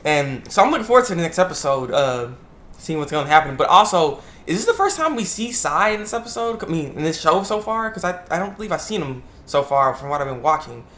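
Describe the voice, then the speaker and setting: Man, slightly high voice, casual video review, rambling, excitable, laughs a lot. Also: fast talker. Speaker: anime reviewer.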